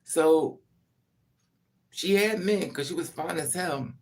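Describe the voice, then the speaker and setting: A man's voice: a little high, takes it slowly, gravelly, darkish tone. A man telling candid personal family stories to camera in a blunt, profane, emphatic way, with frequent asides. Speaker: vlogger. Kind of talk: candid personal storytelling monologue.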